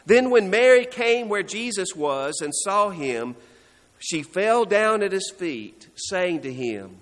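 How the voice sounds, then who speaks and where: A man preaching a sermon, slow and earnest, dropping soft and low when he quotes scripture. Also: animated. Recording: hall reverb.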